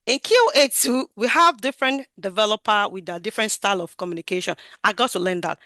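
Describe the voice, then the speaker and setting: A woman speaks with a bright, forceful edge and a somewhat high voice. She is emphatic and animated, pushing her voice up and pulling it back down to stress her points. The sound is dry and close, as if heard over a video call. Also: brisk, dry recording. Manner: animated, emphatic, varies her loudness and projection. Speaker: QA tester sharing career story. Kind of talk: talk on a webinar.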